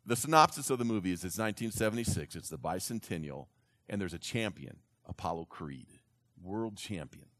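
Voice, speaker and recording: A man telling a story to an audience in an animated way, slipping into character voices. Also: low-pitched, brisk, dry recording.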